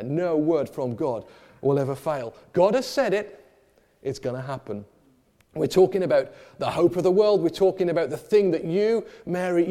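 A man preaching a sermon in a church, lively and humorous, acting out the people in the story. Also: fairly high pitch.

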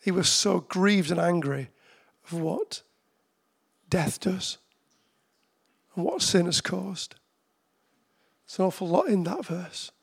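A man preaching a sermon, his voice pitched high for a man with a gravelly, creaky edge. He talks to his listeners conversationally, then slows right down to hammer home repeated phrases. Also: expressive. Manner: conversational, with slow emphatic repetitions.

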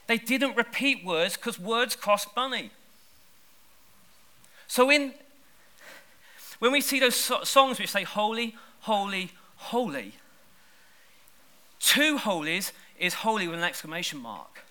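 A man preaching a sermon in church, lively and conversational, pushing hard on key words. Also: high voice, unhurried, pauses often. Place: church service.

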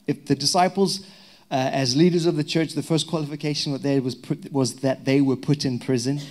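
Zimbabwean pastor preaching with humor. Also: male voice, medium pitch. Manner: lively, humorous storytelling with prayer. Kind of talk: sermon. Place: church hall.

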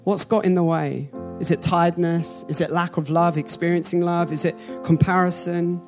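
A man preaching in a church with an earnest, building delivery, repeating phrases for emphasis. His voice sits somewhat high for a man. Soft music plays faintly under him. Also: steady tone, normal speed. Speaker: pastor. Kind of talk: sermon.

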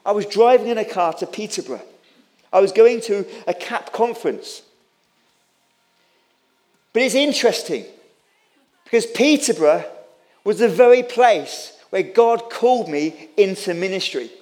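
A man's voice: high-pitched, animated, measured pace, long pauses, darkish tone. A man preaching a sermon, impassioned and repetitive, stumbling over restarts as he builds his points. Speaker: pastor.

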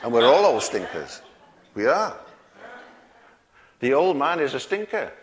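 A man delivers a sermon with a homely, chuckling manner, tossing rhetorical questions to his listeners. His voice sits at an ordinary pitch for a man. A long reverb trails behind him in a large hall. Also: very animated, unhurried. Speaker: preacher.

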